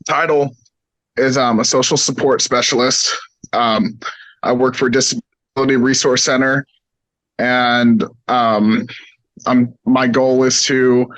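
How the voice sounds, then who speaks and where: Hoarse man presenting on a call. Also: medium pitch, fairly bright tone, no room sound, rough recording. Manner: hesitant, many ums. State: hoarse, coughing. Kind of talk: virtual meeting presentation.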